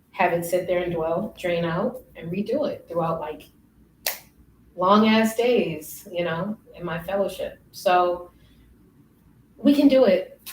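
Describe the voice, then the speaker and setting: A young woman telling stories in a casual interview, lively and often laughing. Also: on the low side. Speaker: interview guest. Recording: roomy, distant, faint noise.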